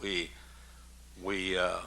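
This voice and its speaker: A man's voice: sits low, little pitch movement, very slow, creaky, sharp tone, slight background noise. A man in his seventies, a pastor preaching a humorous sermon in a folksy, joking way, coughing often. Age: 70s.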